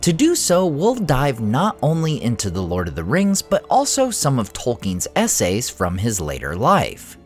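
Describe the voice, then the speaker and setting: A man hosting a fantasy lore channel, giving expressive scripted narration. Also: medium pitch, a little slow, hardly any pauses, faint music behind.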